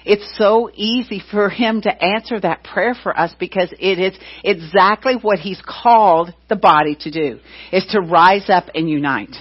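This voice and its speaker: Middle-aged woman chatting from the pulpit, kinda husky, muffled lo-fi sound, keeps saying you know. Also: mid-range voice, measured pace. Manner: chatty storyteller, full of "you know" and retold dialogue. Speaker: church leader. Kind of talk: casual announcements from the pulpit. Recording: dull, muffled lo-fi recording.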